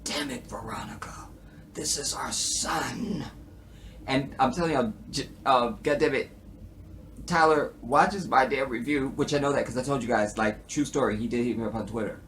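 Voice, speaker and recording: Brief: man reviewing a TV show, swears often, animated, talks to his viewers, mid-pitched. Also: brisk, a little hiss or hum. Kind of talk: casual commentary.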